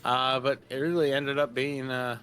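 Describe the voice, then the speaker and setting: A man's voice: medium pitch, level tone, moderate pace, a bit bright, a little hiss or hum. Easygoing young man, hesitant casual chat. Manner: hesitant, loose, lots of "uh". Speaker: podcast co-host.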